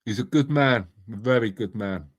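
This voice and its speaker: A man's voice: mid-range voice, normal speed. A middle-aged man hosting a casual live stream, chatting matily with viewers by name and swearing freely. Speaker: live stream host reading chat. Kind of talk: casual chat.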